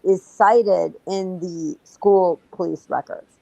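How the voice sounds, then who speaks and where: A woman's voice: lowish voice, slow pace, creaky, mellow, no room sound, low-quality recording. A woman telling her story bluntly and profanely in a casual livestream talk. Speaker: guest.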